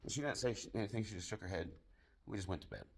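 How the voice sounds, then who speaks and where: A man's voice: on the low side, racing, gravelly, breathy edge. Een man met een schorre, rauwe stem. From United States. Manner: profane, deadpan delivery of dirty jokes. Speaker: barroom joke teller. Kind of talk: crude comedic storytelling monologue.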